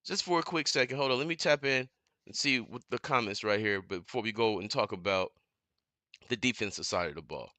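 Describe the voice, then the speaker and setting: A man in a fired-up, profane fan rant on his live stream, repeating himself and getting louder as he goes. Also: on the low side, expressive, fairly quick, dry recording. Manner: heated, profane, repeats himself, builds to shouting. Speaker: sports commentator streamer. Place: home living room.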